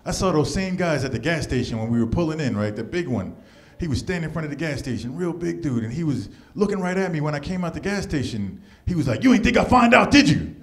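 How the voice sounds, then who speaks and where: A man's voice: a little high, quick pace. A man performing a stand-up comedy set in a club, telling stories and acting out the people in them with raised voices. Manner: animated storytelling, acting out characters in raised voices. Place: comedy club stage with a laughing audience.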